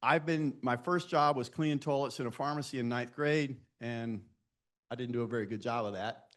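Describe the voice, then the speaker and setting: Medium in pitch and normal in speed, the voice belongs to a man in his sixties addressing students at a live event. His manner is anecdotal, full of self-deprecating career tales, and he asks the audience questions directly.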